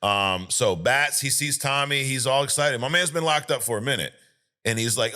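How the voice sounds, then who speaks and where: A man in a casual podcast chat, swearing freely and retelling movie scenes with lively energy. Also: mid-range voice, normal speed. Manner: profane, animated storyteller who acts out scenes. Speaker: podcast co-host.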